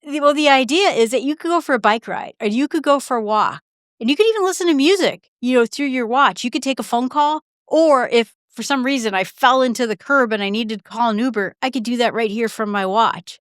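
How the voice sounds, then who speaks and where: Woman podcaster, talkative solo host, smooth resonant voice, close and dry. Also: on the high side, dry recording. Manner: chatty, quick asides with fillers and restarts; acts out short quoted exchanges in her own voice. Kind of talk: casual solo podcast talk.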